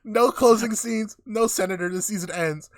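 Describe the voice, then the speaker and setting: A man's voice: high voice, moderate pace, no echo, studio quality. A young man hosting a podcast, animatedly telling a made-up story, laughing and swearing often. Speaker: podcast host. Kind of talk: casual chat.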